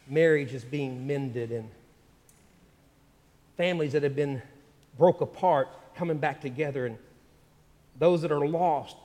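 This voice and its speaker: A man preaching as a church pastor, praying and exhorting in an earnest cadence broken by pauses. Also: medium pitch. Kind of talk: sermon with spoken prayer. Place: church sanctuary. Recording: reverberant church hall with guitar music underneath. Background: soft guitar music.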